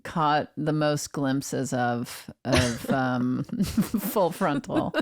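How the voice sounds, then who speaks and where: A woman co-hosting a comedy podcast, teasing her guests in a slow, dry, deadpan way. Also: extremely low pitch. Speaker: podcast co-host. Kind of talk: casual comedic chat.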